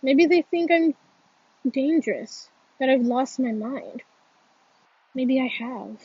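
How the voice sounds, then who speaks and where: A woman's voice: high voice, slow pace, mellow, breathy edge, no room sound. A woman reading a first-person novel aloud in an earnest, emotional way, often restarting her words, on a dull lo-fi recording. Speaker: audiobook reader.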